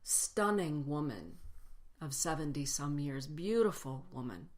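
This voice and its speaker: Low-voiced woman giving a reflective spiritual talk. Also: animated, a little mellow. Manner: reflective, with lists and slowing emphasis. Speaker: spiritual speaker. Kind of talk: personal spiritual talk to a congregation.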